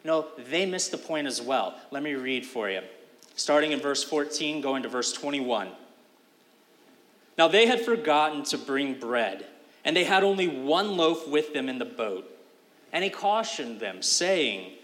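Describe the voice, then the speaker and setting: A man's voice: fairly high pitch, expressive, unhurried, fairly bright tone, long reverb tail. A man giving a sermon as pastor, talking in a conversational, emphatic way with casual fillers.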